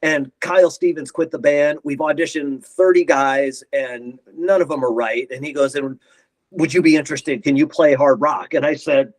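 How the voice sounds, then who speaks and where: A man's voice: fairly high pitch, steady tone, moderate pace, low-quality recording. A middle-aged man, a guitarist, telling band stories in a casual interview, rambling and acting out quotes. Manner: rambling anecdotes, acts out quotes. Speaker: guest guitarist.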